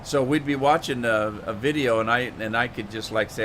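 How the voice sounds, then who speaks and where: A man's voice: on the low side, a little fast, hardly any pauses, a bit bright. Guy live streaming a farm game, chatting to viewers, lots of uhs, hum in the background. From Pacific Northwest of the United States. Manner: rambling, talks to chat viewers by name, many fillers. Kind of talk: casual live stream chat over gameplay.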